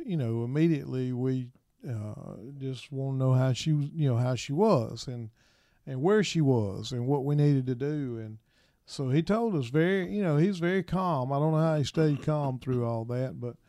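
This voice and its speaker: A middle-aged man, a minister, recounts his own story as an interview guest, speaking softly and haltingly with frequent pauses and restarts. His voice is mellow and warm at an ordinary pitch, recorded close and dry with no room sound. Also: no room sound. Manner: halting and soft-spoken, with many pauses and restarts. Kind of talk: personal testimony in an interview.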